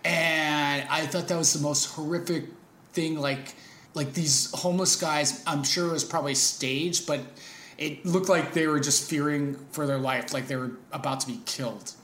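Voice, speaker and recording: A man with a slightly raised pitch tells stories in a loose, halting way, with frequent stops, restarts and easy laughter. He is recorded in a noticeably echoey room. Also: steady tone, a bit bright, a little hiss or hum. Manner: rambling, halting, laughs often. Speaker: podcast guest, actor. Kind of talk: casual storytelling chat.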